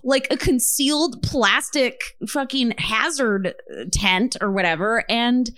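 A woman co-hosting a podcast, chatting casually with impassioned, profane, animated storytelling. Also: fairly high pitch, takes it slowly, dry recording, studio quality. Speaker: podcast co-host. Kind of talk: casual chat.

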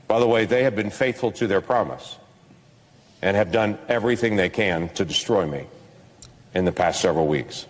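A man's voice: fairly low pitch, animated, moderate pace. A man giving an earnest, indignant public speech. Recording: long reverb of a large hall.

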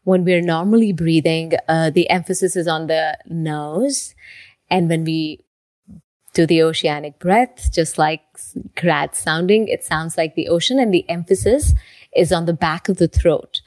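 A woman teaching breathwork, guiding a breathing exercise with calm, slow instructions and counted breaths. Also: low-pitched, no room sound.

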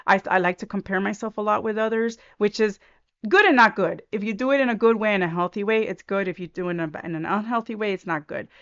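A woman's voice: medium pitch, fast, a bit bright, clear, resonant tone, lo-fi sound. A woman hosting a Christian podcast in a casual solo chat, effusive and gushing, often restarting her sentences.

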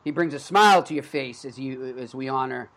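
A man's voice: mid-range voice, brisk, a bit bright. A man in his thirties with a Boston accent, hosting a sports podcast in casual chat and rambling with frequent restarts. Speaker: podcast host.

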